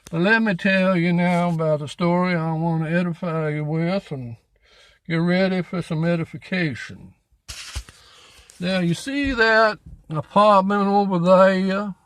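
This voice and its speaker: Out on a city street, a man with a high, slightly bright voice hosts a vlog. He spins a rambling story full of corny jokes, keeping it chatty, folksy, and self-mocking.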